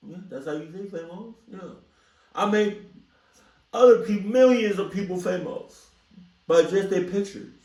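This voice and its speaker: A man voicing a sleazy fake-French male photographer with a mock French accent and wheedling, drawn-out sweet talk. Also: high-pitched, darkish tone, echoey room, far from the mic, pitched above the performer's own voice.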